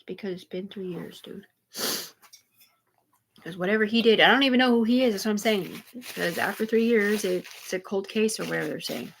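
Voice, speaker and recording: A woman talks live to her stream in a loose, rambling monologue. Her delivery is agitated and full of swearing. Her thoughts tumble over each other in quick digressions. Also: mid-range voice, vocal fry, slight background noise. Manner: rambling, profane, rapid digressions; agitated, repeatedly says "dude". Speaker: livestreamer.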